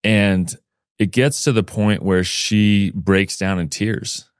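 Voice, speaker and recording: A man as a podcast guest, telling a personal story in a lively way and acting out the things people said. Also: on the low side, slow pace, clear, resonant tone, no room sound, clean studio sound. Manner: lively storyteller who acts out remembered dialogue.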